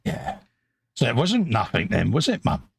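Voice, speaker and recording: A man's voice: mid-range voice, huge pitch swings, normal speed, creaky, slightly rough, no room sound. A man co-hosting a live model-building stream, joking around, teasing his co-host and greeting viewers in the chat. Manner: jokey, self-mocking, greets chat viewers. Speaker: livestream co-host. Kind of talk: casual banter while model building.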